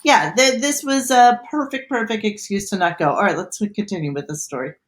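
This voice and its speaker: A woman's voice: mid-range voice, a little fast. A woman co-hosting a podcast, reacting to old radio clips with sarcastic, profane disbelief. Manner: incredulous, swears freely, sarcastic. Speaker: podcast co-host. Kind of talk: profane, heated reaction commentary.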